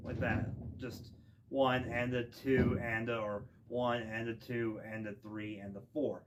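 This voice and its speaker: A man talks through a casual instrument lesson outdoors, his voice at an ordinary middle pitch. He rambles in a relaxed way, with plenty of ums and restarts. Loud bowed string playing sounds behind him the whole time. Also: a little slow, loud music behind the voice. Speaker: music teacher. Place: outdoors with wind.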